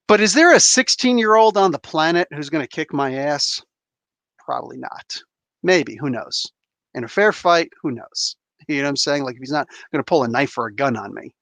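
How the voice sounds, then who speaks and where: A man's voice: fairly high pitch, no echo. A man in his forties hosting a live show, giving an emphatic, opinionated monologue and acting out little scenes. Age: 40s. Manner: animated, emphatic, acts out voices. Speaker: comic book show host.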